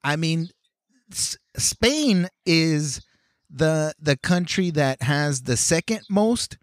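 Man, slightly high voice, halting casual podcast chat, dry close sound. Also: animated, no room sound. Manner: hesitant, many restarts and fillers. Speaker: podcast co-host.

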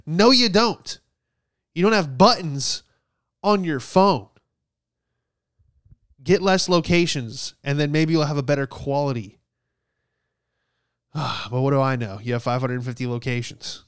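A man's voice: medium pitch, steady tone, moderate pace, clear, resonant tone, no room sound, clean studio sound. A man telling a sarcastic comedic story, exasperated and swearing casually.

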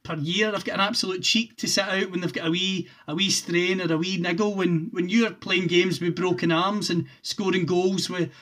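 A man hosting an interview, talking in an emphatic, animated way. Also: sits high, moderate pace, few pauses. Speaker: interviewer host. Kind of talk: casual interview chat.

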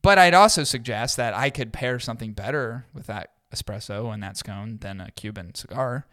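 A man's voice: medium pitch, moderate pace, fairly bright tone. A blunt man co-hosting a podcast, talking in loose casual chat and swearing freely. His voice sits in a middle range. The sound is dry and close, with no room echo. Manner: blunt, swearing, mocks people in put-on voices. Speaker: podcast co-host.

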